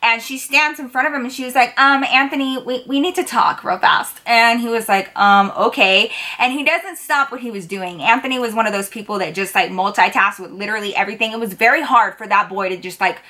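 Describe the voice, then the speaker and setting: A young woman in her twenties telling a storytime vlog in an animated, chatty, sassy way. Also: on the high side, quick pace, hardly any pauses. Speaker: vlogger.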